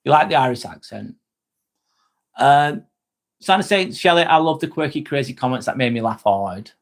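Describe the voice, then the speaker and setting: A man's voice: medium pitch, lively intonation, moderate pace. Man chatting on a live stream. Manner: reads viewer comments aloud and replies, joking and swearing freely. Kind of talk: casual live-stream chat.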